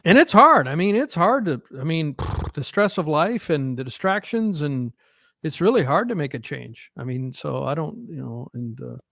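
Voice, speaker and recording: A man's voice: on the high side, animated, moderate pace, vocal fry, a bit bright. A man co-hosting a podcast, talking casually in long, rambling stretches with frequent restarts. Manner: rambling, restarts often, laughs easily. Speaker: podcast co-host. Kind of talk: casual chat.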